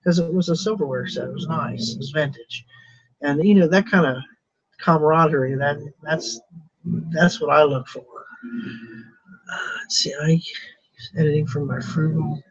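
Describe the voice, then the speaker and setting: A man with a slightly high, husky voice talks in a loose, rambling way, often chuckling at himself. The sound is dull and lo-fi. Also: normal speed, pauses often. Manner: rambling, chuckling, self-deprecating. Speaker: thrift reseller streaming live. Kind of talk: casual live-stream chat.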